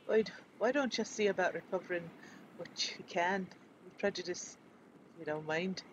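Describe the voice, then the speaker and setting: A man's voice: high-pitched, moderate pace, lo-fi sound, noisy background, natural voice. A man voicing a grim furbolg quest-giver in a put-on Scottish accent, reading quest text aloud.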